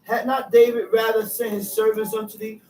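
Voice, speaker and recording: A man's voice: sits high, a little fast. Man, scripture reader, echoey room, faint hiss behind. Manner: steady, formal reading of old-fashioned verse. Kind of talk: reading scripture aloud. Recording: echoey room, mic set far off.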